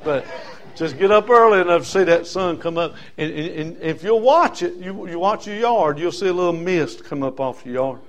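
A man's voice: high voice, lively intonation, normal speed, few pauses. An older man preaching a sermon, impassioned and folksy, building on rhythmic repetition.

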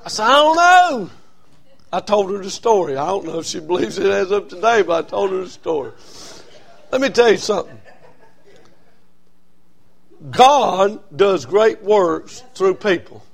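A man preaching a sermon as a Baptist pastor, telling a story that swings from quiet and low to loud and raised. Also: expressive, normal speed, gravelly.

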